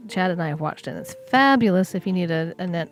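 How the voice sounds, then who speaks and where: A woman with a slightly low voice chats easily on a podcast, wandering into side remarks and poking fun at herself. Soft guitar music plays faintly underneath. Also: animated, fast. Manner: chatty, self-deprecating, digresses easily. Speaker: podcast co-host. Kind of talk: casual paranormal podcast chat.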